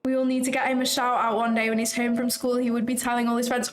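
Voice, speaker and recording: Fast and monotone with few pauses, a young woman with a slightly high voice hosts a casual trading livestream and reads out viewer comments. Her chat is effusive and full of "like" and "um," with faint background music.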